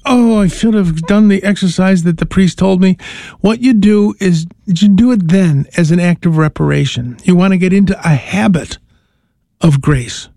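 A man's voice: high voice, vocal fry, warm tone, no room sound, studio quality. An older man, a priest hosting a call-in radio show, giving advice in a chuckling, rambling way with many restarts.

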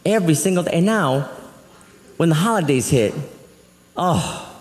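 High-voiced guy doing stand-up, all over the place pitch-wise, echoey hall, faint crowd. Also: normal speed. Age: adult. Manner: animated, exasperated storytelling. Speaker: stand-up comedian. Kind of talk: live stand-up routine. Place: comedy club stage. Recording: reverberant hall, faint audience.

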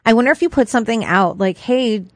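A woman's voice: fairly high pitch, animated, fast, dry recording. A woman co-hosting a morning radio show, giving frank, blunt opinions in casual banter. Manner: frank, gives blunt verdicts.

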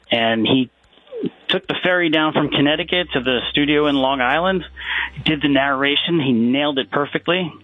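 A man being interviewed as a guest author, talking casually with many fillers and restarts. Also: medium pitch. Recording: tinny phone line.

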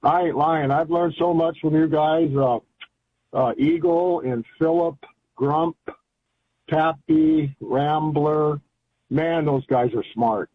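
A man's voice: a little high, takes it slowly, breathy edge, no echo. An older man calling in to a radio show, chatting in a rambling, folksy, enthusiastic way. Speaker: caller. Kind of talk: casual call-in chat. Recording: tinny phone line.

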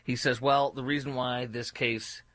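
A man's voice: mid-range voice, flat delivery, unhurried, fairly bright tone, no echo. A man guest-hosting a political talk radio show, speaking in a sarcastic, mocking way.

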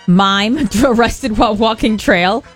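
A woman's voice: on the high side, slow, slightly rough, soft background music. A woman co-hosting a radio show, reading out news headlines and chatting playfully about them. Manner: chatty, reads headlines then riffs playfully. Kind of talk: casual news banter.

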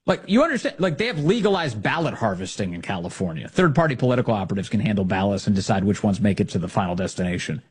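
Animated, sarcastic male talk host. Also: fairly low pitch, fast talker, hardly any pauses, breathy edge. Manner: sarcastic and animated, mocking rhetorical questions. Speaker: political commentary host. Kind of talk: opinionated talk show monologue.

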